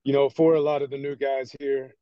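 A man's voice: mid-range voice, flat delivery, brisk, clear, resonant tone, no room sound, lo-fi sound. A man in a group call, joking and laid-back, asking a question.

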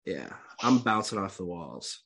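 A young man co-hosting a casual baseball podcast, congested, clearing his throat and swearing often. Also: deep voice, sing-song, unhurried, fairly bright tone. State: congested, coughing. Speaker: podcast co-host. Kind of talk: casual chat.

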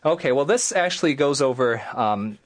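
A young man from Michigan reads his own memoir with a very lively, swinging pitch. He jumps into loud, high voices for the people in the story, then drops back to plain telling. His voice sits in a middle register. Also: moderate pace. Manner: animated, jumps into loud high acted lines while reading. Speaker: author and plastic surgeon, guest. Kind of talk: interview, then reading his memoir aloud.

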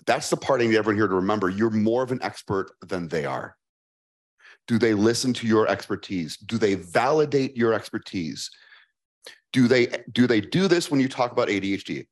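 A man with a Chicago accent answering audience questions at a live fireside chat, playful and animated, acting out the voices he quotes. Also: fairly low pitch, normal speed.

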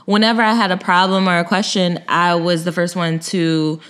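A woman's voice: fairly low pitch, little pitch movement, normal speed, fairly bright tone, smooth. A woman co-hosting a podcast in casual chat, chatty as she recaps an episode. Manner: chatty, recaps a show and acts out quotes. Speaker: podcast co-host.

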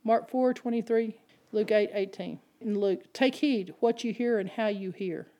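A woman preaching a sermon, asking the congregation rhetorical questions and climbing in pitch and volume as she drives her points home. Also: measured pace, lo-fi sound. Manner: animated, rising in pitch and volume when stressing points.

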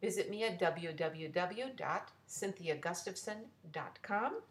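A woman poet reading a children's story aloud, slowly and deliberately, spelling out words. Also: on the low side. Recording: roomy echo.

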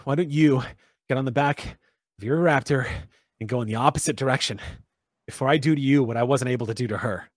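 A man's voice: mid-range voice, fairly quick, no room sound, studio quality, natural voice. A man voicing a hostile female warrior who swears and snaps aggressively. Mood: furious. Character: fierce young woman warrior, hostile.

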